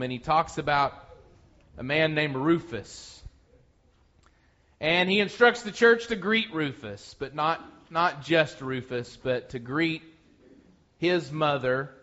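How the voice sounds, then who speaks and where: Male pastor, fairly high voice, slow deliberate sermon delivery, muffled lo-fi audio. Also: fairly bright tone. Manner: slow, earnest preaching with repeated restarts. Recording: muffled lo-fi sound.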